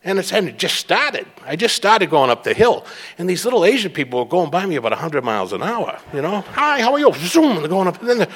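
A man's voice: high voice, big pitch swings, quick pace, a bit bright, breathy edge, big-room sound. A middle-aged man from the Boston area giving a rambling, self-mocking personal talk at a recovery meeting.

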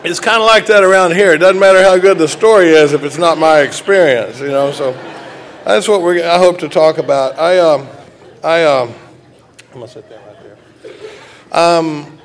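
A man's voice: fairly high pitch, normal speed, pauses often. A middle-aged man from Texas, giving a folksy, joking talk to a recovery group with many halts and restarts. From Dallas, Texas. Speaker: recovery meeting speaker.

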